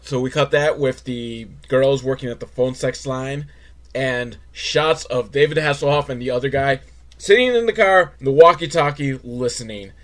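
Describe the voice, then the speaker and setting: A man's voice: mid-range voice, normal speed, fairly bright tone. A man hosting a comedic recap of a TV episode, talking in a wry, rambling way with lots of filler words. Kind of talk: casual comedic commentary.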